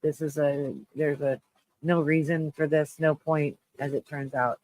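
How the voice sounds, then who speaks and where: A man hosting a live stream, chatting with viewers in a low, shaky-voiced mood, halting and restarting as he rambles. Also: little pitch movement, darkish tone, no echo, rough recording. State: shaky voice, close to tears. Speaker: livestream host.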